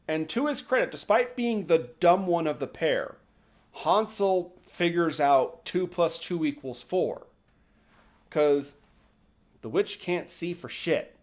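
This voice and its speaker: A man's voice: a little high, lively intonation, takes it slowly. A man hosting a livestream, retelling a folk tale casually with sarcastic, mocking asides and casual swearing. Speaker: host.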